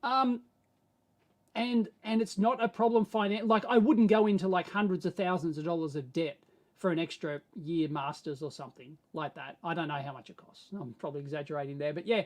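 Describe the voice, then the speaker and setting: An Australian man hosting a live stream, answering viewer questions in a rambling, animated way that swings between mumbled asides and excited bursts. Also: a little high, a little fast. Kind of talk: casual live-stream chat.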